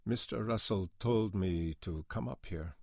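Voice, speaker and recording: A man voicing a quiet, weary older male janitor who speaks in a clipped, precise way. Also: fairly low pitch, animated, normal speed, no room sound, studio quality.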